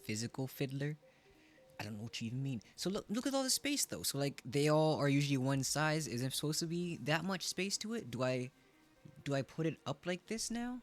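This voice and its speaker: A man's voice: fairly high pitch, sing-song, a little fast, faint music behind. A man in his twenties chatting casually on a live stream, playful and joking at his own expense. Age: 20s. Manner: playful, joking, self-mocking. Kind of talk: casual chat.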